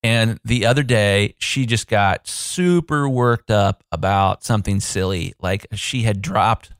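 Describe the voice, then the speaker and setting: A business coach in his thirties with a lowish, clear and resonant voice hosts a casual podcast episode. He's chatty and self-deprecating, tossing in quick asides, and the recording is close and dry with no room sound.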